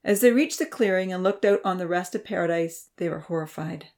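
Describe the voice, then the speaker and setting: Woman, low-pitched, audiobook narration, steady, measured. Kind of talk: storybook narration.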